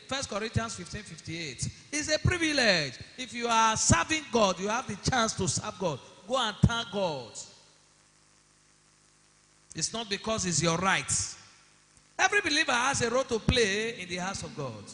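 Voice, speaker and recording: A male pastor with preaching a sermon, asking the congregation questions and rising to shouts. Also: high-pitched. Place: church hall. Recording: long hall reverb with music behind.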